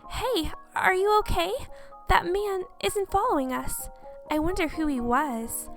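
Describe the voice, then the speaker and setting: High-voiced woman reading a game aloud. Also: unhurried, soft background music. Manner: expressive, reacting with gasps and exclamations. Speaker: gameplay video host.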